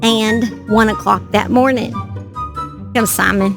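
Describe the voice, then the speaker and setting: A woman's voice: mid-range voice, unhurried, long pauses, music in the background. A woman, hosting a true crime channel, chatting casually and getting distracted outdoors in a windy yard on a clip-on mic. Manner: chatty, easily distracted, exclaiming. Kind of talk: casual outdoor vlog chat.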